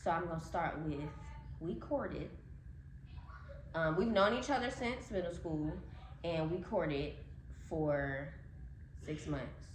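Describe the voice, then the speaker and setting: Woman, low voice, reflective, candid, echoey room. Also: takes it slowly, pauses often. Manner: reflective, candid, with many fillers. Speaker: podcast co-host. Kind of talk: casual faith chat. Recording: echoey room, faint noise.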